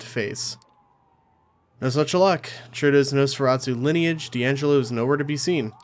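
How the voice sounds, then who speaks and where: A man playing a story game, reading the narration aloud and adding casual asides of his own. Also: on the high side. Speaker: let's play host. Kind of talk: reading a visual novel aloud with commentary.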